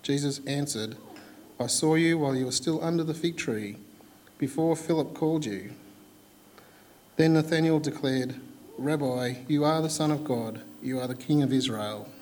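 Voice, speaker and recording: A man reading a Bible passage aloud in a formal, measured way with careful phrasing. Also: on the high side, a little mellow, slight background noise, poor audio. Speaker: scripture reader.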